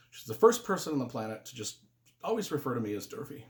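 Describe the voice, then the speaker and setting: A man's voice: mid-range voice, very animated, quick pace. A man giving a casual spoken book review, earnest and emotional, rambling with restarts. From United States.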